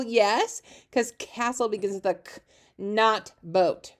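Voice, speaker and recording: Lady teacher doing a phonics lesson for little kids, upbeat and encouraging, mid pitch. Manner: encouraging, animated, slow when reading aloud. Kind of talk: early reading lesson for young children.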